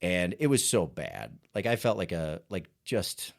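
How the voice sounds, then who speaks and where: A male stand-up comedian telling a story as a podcast guest, animated and self-mocking, often laughing as he talks. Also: low voice, unhurried, gravelly. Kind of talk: casual storytelling chat.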